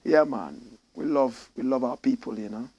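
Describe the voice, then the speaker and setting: A Ghanaian man hosting a live-streamed talk show, reading out viewer messages in a slightly croaky voice and breaking into loud exclamations. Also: medium pitch, normal speed, lo-fi sound. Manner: animated, bursts into loud exclamations. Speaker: show host. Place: studio in Accra.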